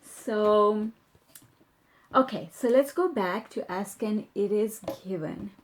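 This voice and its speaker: A woman self-help author teaching in a calm, affirming way and reading passages aloud from her book. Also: medium pitch, slow, a little hiss or hum.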